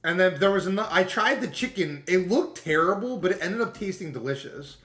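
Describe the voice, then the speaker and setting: A man's voice: sits high, expressive, brisk, a bit bright. A man streaming and chatting casually with his viewers, rambling and playful, often trailing off mid-sentence. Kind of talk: casual chat to a live stream chat. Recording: echoey room with faint background music.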